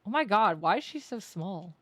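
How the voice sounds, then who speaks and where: Excitable woman streamer, lively pitch. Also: moderate pace, dry recording. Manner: excitable, crude joking. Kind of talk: live game commentary.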